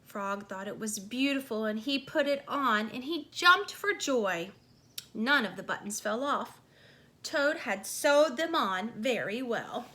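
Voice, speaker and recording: Slow, animated woman reading a storybook. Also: on the high side. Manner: animated, chatty asides to young listeners. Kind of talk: children's storybook read-aloud.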